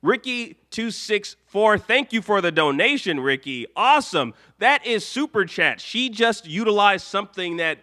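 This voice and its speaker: A man's voice: sits high, lively intonation, moderate pace, few pauses, pushed and bright. A man hosting a live cartoon-commentary stream, rambling and correcting himself, now and then breaking into mock outrage. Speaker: live show host.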